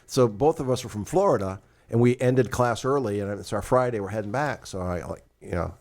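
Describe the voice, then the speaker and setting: A man's voice: on the low side, fairly quick. An older retired man, a podcast co-host, telling a travel story in casual chat and acting out the dialogue. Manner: animated, acts out dialogue in storytelling.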